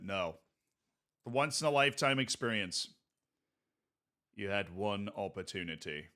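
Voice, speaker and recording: A man's voice: fairly low pitch, animated, a little slow, long pauses, bright, forceful tone. A man streaming a game and chatting casually with his viewers, joking around as he plays. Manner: goofy, playful, jokey asides to chat. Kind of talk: casual gameplay commentary.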